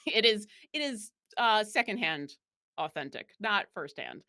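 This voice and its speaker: A woman's voice: medium pitch, big pitch swings, a little slow, pushed and bright. Rambling woman guest, easy laugh. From Buffalo, New York. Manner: rambling, many fillers and restarts, laughs easily. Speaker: guest player. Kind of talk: casual interview chat.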